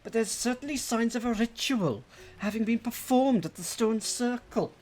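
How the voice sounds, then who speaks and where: A chatty middle-aged woman investigator with a gossipy, theatrical manner, as a man puts her on. Her accent wanders as she talks, pitched high and lively. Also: a little fast. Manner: theatrical, gossipy put-on accent that keeps slipping.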